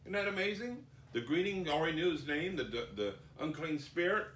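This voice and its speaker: A man teaching the Bible, reading scripture slowly and dramatically, then commenting. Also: a little high, lively intonation, fairly bright tone, slight background noise. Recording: roomy echo, distant mic.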